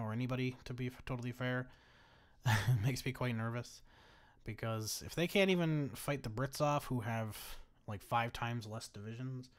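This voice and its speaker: A man's voice: mid-range voice, clean tone. A young man giving casual strategy-game commentary, laughing often and swearing freely. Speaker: gaming commentator.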